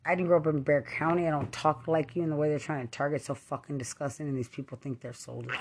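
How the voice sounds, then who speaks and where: This is a middle-aged veteran from Texas in an angry monologue. The voice sits at a mid-range pitch and stays accusatory throughout. The talk rambles and keeps repeating the same charges. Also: fairly even intonation, fast, slight background noise. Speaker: army veteran.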